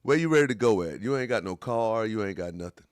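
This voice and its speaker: Low-voiced host with lively mocking delivery. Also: male voice, quick pace, no echo, studio quality. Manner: mocking, slangy, scolding. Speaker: call-in show host reacting to a clip. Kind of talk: casual commentary.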